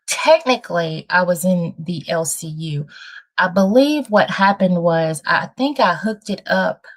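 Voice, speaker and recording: A woman hosting a casual livestream with a dry throat, talking bluntly and thinking out loud as she rambles. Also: lowish voice, creaky. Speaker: livestream host.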